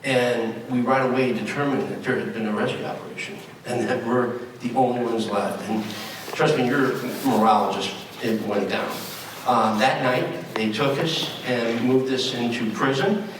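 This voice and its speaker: A man's voice: mid-range voice, normal speed. Older man telling his story in an echoey hall. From United States. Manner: conversational, with fillers and wry humor. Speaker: speaker recounting his time as a hostage. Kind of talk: storytelling speech to an audience. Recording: echoey hall from far off, faint noise.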